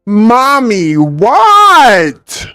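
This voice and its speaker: A cranky, sleep-deprived teenage girl, voiced by a man reading a storybook aloud. Her lines come out high and whiny, full of complaint. The sound is dry and close-miked, with a little music underneath. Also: very animated, takes it slowly, a bit bright, no room sound, heavily acted.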